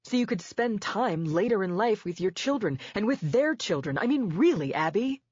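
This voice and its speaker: A woman's voice: medium pitch, animated, normal speed, a little mellow, husky, no echo, highs cut off. A woman voicing an exasperated middle-aged husband who pleads, then accuses, in an audiobook. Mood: pleading.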